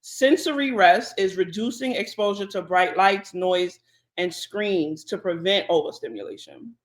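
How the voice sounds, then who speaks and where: A woman co-hosts a podcast. She talks in a relaxed, chatty way, full of fillers and side remarks. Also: fairly low pitch, unhurried. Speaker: podcast co-host. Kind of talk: casual podcast chat.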